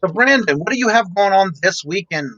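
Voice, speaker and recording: A man's voice: sits high, animated, fairly quick, bright, forceful tone, no room sound, dull audio. A man hosting a casual live-stream chat, talking in a rambling way with frequent restarts. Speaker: show host.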